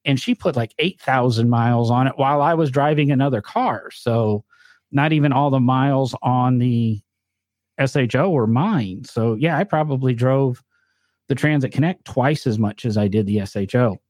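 A man's voice: medium pitch, normal speed, a little mellow, no echo, clean studio sound. A man with a northern US accent, chatting casually about cars with rambling, filler-heavy storytelling. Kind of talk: casual chat.

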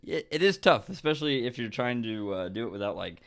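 A man's voice: medium pitch, animated, brisk, vocal fry. A young man co-hosting a casual podcast, easygoing and teasing, calling his friend buddy and brother and laughing often. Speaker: podcast co-host.

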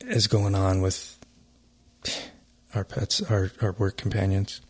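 A man's voice: sits low, takes it slowly, a little mellow, husky. A man hosting a casual podcast, talking earnestly and emphatically, rambling and restarting his sentences. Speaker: podcast host.

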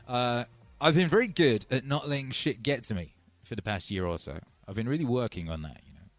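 A man hosting a live music stream, rambling in casual chat and calling out to viewers as brothers and sisters. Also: medium pitch.

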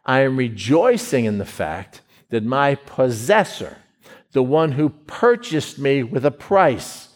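A man's voice: medium pitch, big pitch swings, slow. A middle-aged man preaching a sermon, emphatic, often stumbling over repeated words as he builds his point.

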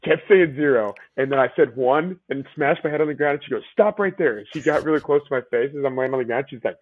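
A man casually telling profane, animated stories about training with old classmates. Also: mid-range voice, fast, dry recording, narrow, tinny audio. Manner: animated, profane storyteller acting out quotes. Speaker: podcast guest, former officer candidate. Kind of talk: casual storytelling chat.

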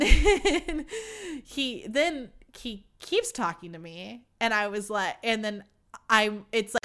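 A woman's voice: on the high side, a bit bright. A young woman hosting a podcast, telling a story in a chatty, casual way, full of "like" and swearing. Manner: chatty, swearing, heavy use of "like". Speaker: podcast host.

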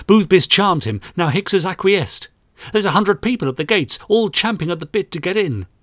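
A man voicing an anxious young male police sergeant, speaking high and urgent. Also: lively intonation, moderate pace, fairly bright tone, no echo, studio quality. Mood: alarmed. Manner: alarmed, breathless urgency.

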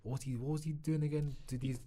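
A young man in a casual film chat, excitable and quick with slang. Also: on the high side, slight background noise. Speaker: co-host.

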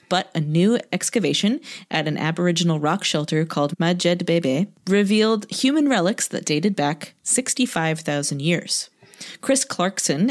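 A woman co-hosting a casual podcast, reading through research notes with laughing asides. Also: lowish voice. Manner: reads sources aloud with laughing asides. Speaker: podcast co-host.

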